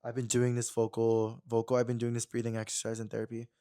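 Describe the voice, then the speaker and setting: A young man hosting his own podcast, telling a story in a chatty, animated way and talking fast. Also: medium pitch, clean tone. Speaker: podcast host. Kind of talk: casual chat.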